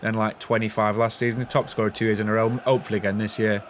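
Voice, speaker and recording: A man's voice: fairly low pitch, little pitch movement, fast, a little hiss or hum. A young man, chatting casually and self-deprecatingly through his football game footage. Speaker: gaming YouTuber. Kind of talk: casual gameplay commentary.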